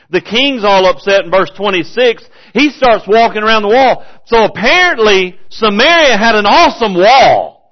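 High-voiced folksy preacher. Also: male voice, dull audio. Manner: conversational, asks the audience rhetorical questions. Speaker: pastor. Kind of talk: folksy preaching, Bible study.

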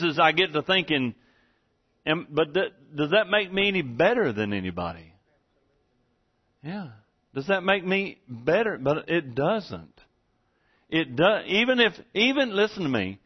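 A man preaching a sermon in a church, earnest and repetitive, often restarting his sentences. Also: a little high. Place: church room with congregation. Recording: dull lo-fi sermon recording.

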